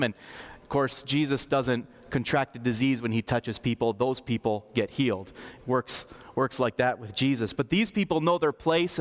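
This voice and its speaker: A pastor preaches a sermon in a conversational style, acting out scenes from scripture. For emphasis, he drops his voice low and soft.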